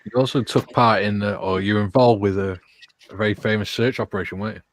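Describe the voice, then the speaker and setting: A middle-aged man hosts a livestream panel, brisk and playful as he moves the talk along. His voice is on the low side and sounds dry and close to the mic. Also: fairly even intonation, no room sound. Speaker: host.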